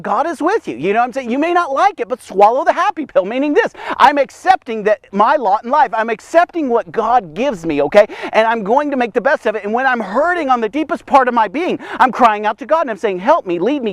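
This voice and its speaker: A man preaching an energetic daily devotion, emphatic and repetitive, often asking "okay?" and coming back to "here's the thing.". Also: very high-pitched, brisk, few pauses, dry recording.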